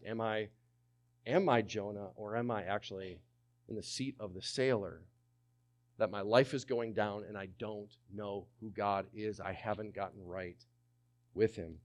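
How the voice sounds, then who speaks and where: A man preaching a sermon, swinging from hushed lines to loud ones and acting out the people he quotes. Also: lowish voice. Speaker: pastor.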